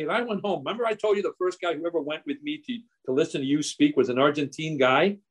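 Brief: man in his sixties, guest investor, lively storyteller with restarts, voice on the higher side. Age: 60s. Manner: animated, quick anecdotes with many restarts. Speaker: real estate investor guest. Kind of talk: storytelling in a podcast interview.

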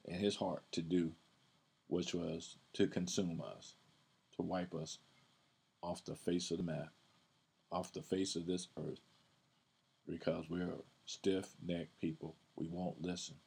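Low, husky-voiced male podcast host; relaxed Bible teaching, repeats himself, stresses verses he reads. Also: takes it slowly, long pauses. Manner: conversational, repeats words, reads verses aloud with emphasis. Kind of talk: casual scripture teaching.

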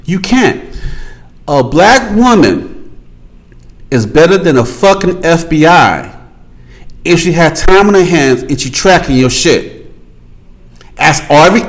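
A man's voice: fairly high pitch, a bit bright, poor audio. A man hosting a podcast, ranting in a casual, profane monologue and repeating his points for emphasis while talking straight to his listeners. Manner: addresses listeners directly with slang. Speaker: podcast host.

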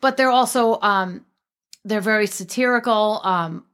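A woman's voice: mid-range voice, a little slow, fairly bright tone. A woman speaking as a guest in a casual conversation about a poet, chatty and digressive, often restarting her sentences.

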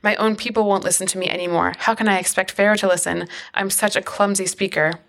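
A woman's voice: medium pitch, fairly even intonation, fast talker, gravelly, fairly bright tone. A woman voicing a troubled male leader in a scripture reading, pleading and questioning.

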